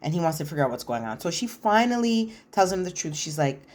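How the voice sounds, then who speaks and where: Talking fast at a fairly low pitch, this woman recaps a reality show with casual, opinionated commentary. She acts out scenes with animation and tosses in slang along the way.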